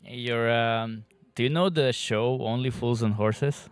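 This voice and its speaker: Stream guest, man, smooth resonant voice, dry close sound, halting chat. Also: mid-range voice, no room sound. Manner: relaxed, hesitant, many fillers. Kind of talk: casual live-stream chat.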